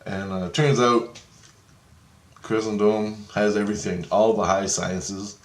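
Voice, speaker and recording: A man with a fairly low voice tells a long story in a loose, rambling way. He gets excited and swears freely. His voice bounces around an echoey room. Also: takes it slowly. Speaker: vlogger. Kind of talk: casual storytelling.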